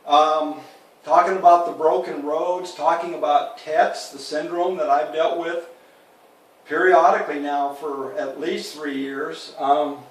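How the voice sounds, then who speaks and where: Man, 50s, trainer, earnest, candid, speaks a bit high, roomy echo. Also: level tone, a little slow. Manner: earnest and candid, calls listeners "guys". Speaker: network marketing trainer. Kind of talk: recorded training talk. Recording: echoey room, mic at a distance.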